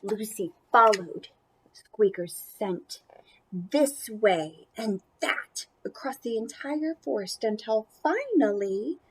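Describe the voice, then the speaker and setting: A woman reads a picture book aloud to kids, playful and animated, chatting about the pictures between pages. Her voice sits high and bounces up and down. She takes her time over every line. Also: husky. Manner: animated, playful, talks to children. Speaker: storybook reader.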